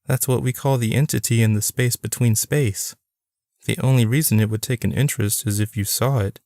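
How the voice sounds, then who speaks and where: A man's voice: mid-range voice, steady tone, a little fast, gravelly, a little mellow, dry recording, clean studio sound, pitched above the performer's own voice, natural voice. A man voicing a friendly young woman who turns earnest and ominous, in an audiobook. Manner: playful, then earnest and ominous.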